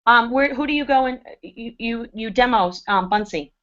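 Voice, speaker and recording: A woman's voice: fairly high pitch, moderate pace, a bit bright. A woman parent on an online panel, amused and chatty. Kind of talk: casual video-call chat. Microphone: video call. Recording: dull lo-fi video call audio.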